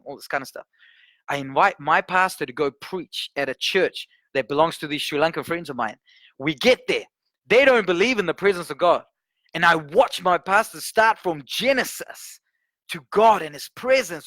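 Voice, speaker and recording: A male preacher with a high, bright, ringing voice tells a story in an animated way and acts out the voices in it. He builds to emphatic points, and the dry, close sound has almost no room echo. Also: fairly quick. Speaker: guest preacher. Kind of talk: sermon with storytelling.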